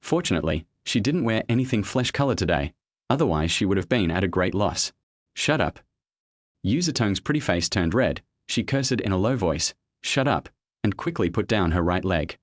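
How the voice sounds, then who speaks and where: Low-voiced male audiobook narrator. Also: animated, fairly quick, dry recording, clean studio sound. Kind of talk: audiobook narration of a web novel.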